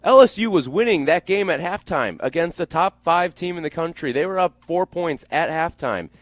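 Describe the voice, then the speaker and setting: Halting male sports radio co-host. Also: a little high, lively intonation, dry recording. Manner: halting, stammering restarts. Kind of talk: casual sports talk.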